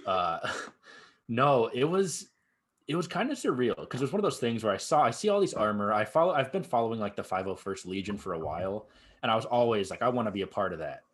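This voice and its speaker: A young man chatting casually as a guest, telling his story with lively acted-out reactions. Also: mid-range voice, a little fast, breathy edge. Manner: animated storyteller acting out his own past reactions. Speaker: guest cosplayer. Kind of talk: casual chat.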